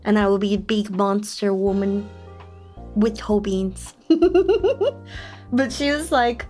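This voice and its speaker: A young adult woman chatting casually on a live stream, excitable and often giggling. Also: takes it slowly. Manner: giggly and excitable, often breaking into high laughs. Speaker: VTuber streamer. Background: faint background music.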